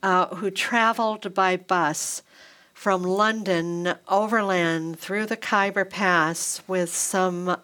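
A woman hosting a radio interview, asking her questions in a measured way and laughing along with her guest. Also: fairly low pitch, steady tone, fairly bright tone, smooth. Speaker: radio host.

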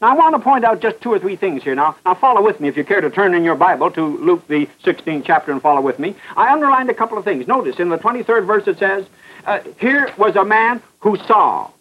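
A man with a high voice preaches with fierce emphasis, driving each point home through repetition and pointed questions. The sound is muffled and dull, like an old radio broadcast. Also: lively intonation, quick pace, husky. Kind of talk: fervent radio sermon.

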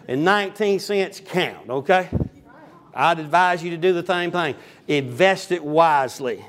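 A man, preaching a folksy sermon as a pastor, reading scripture and rambling into humorous down-home stories. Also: a little high. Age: 50s.

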